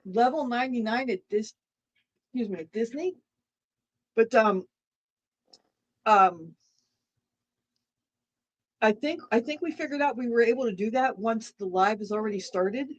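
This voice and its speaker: A woman's voice: fairly high pitch, unhurried, long pauses, highs cut off. A woman co-hosting a casual livestream chat, rambling and repeating herself while she eats dinner. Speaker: livestream co-host.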